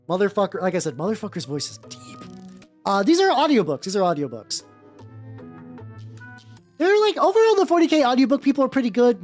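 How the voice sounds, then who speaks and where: A man with a naturally high voice chatting casually on a livestream while painting miniatures, rambling and swearing freely. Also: a little mellow. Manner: rambling, many fillers and restarts, swears freely.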